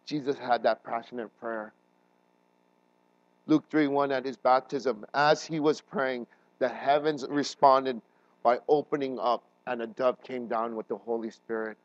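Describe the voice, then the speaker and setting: A man preaching a sermon as a pastor, earnest and emotional, his voice building to loud emphatic peaks. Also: mid-range voice, fairly even intonation, unhurried, no room sound, dull audio. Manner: emotional, voice rising and breaking while retelling a crisis.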